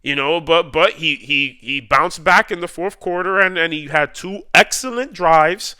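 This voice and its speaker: Male sports vlogger, heated fan rant, smooth clear voice, dry close mic. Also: on the high side, pushed and bright, no echo. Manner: heated, repetitive, drawn-out emphasis. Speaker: sports YouTuber ranting.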